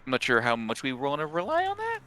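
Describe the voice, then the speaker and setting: Bright-voiced man talking over a tabletop game. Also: a little high, huge pitch swings, fast, soft background music. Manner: thinks aloud with restarts, weighing options. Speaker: player. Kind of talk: casual tabletop game chat.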